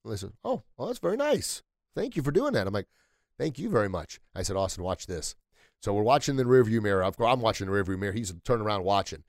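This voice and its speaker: A middle-aged man hosting a motivational podcast, telling everyday stories with energy and building to loud, emphatic peaks. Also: fairly low pitch, big pitch swings, fast, no echo, clean studio sound. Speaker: podcast host. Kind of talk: motivational solo podcast talk.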